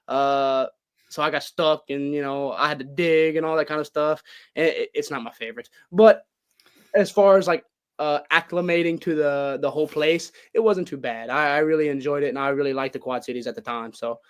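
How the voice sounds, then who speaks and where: A man with a Louisiana accent, a blend of north Louisiana twang and Cajun, talking from home on a podcast. He rambles through his stories with plenty of fillers and gets animated as he goes. His voice sits a little higher than most men's. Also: brisk, clean tone. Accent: Louisiana, mix of north Louisiana and Cajun. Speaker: guest, pro wrestler. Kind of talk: casual podcast interview.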